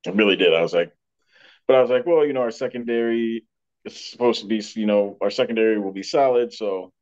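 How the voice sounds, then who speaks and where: Low-voiced man in casual sports chat. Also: quick pace, a little mellow, dull audio. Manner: blunt, hesitant restarts. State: hiccuping. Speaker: podcast co-host.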